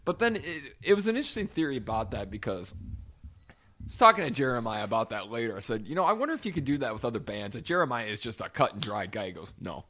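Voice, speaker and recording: Speaking at a quick pace in a mid-range voice, a man co-hosts a podcast and trades stories in casual conversation. He's animated, swears a lot and laughs frequently.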